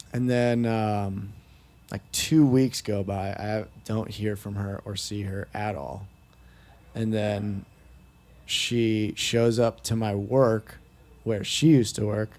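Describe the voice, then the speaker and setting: A man's voice: fairly low pitch, fairly even intonation, slow pace, dark tone. A young man talking candidly on a podcast, swearing often and filling his speech with "like". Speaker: podcast guest. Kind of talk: casual podcast chat.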